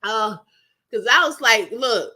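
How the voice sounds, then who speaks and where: A livestream host with a fairly high, husky voice speaks slowly during a casual live chat. She laughs a lot, tells her story animatedly, and keeps addressing her chat.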